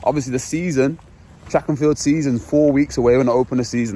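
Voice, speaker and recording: A man's voice: mid-range voice, fairly even intonation, fast talker, mellow. A young British man vlogging outdoors, ranting in frustration and addressing his viewers directly in slang. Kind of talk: ranting to camera. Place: outdoors by a vehicle impound. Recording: outdoor street noise.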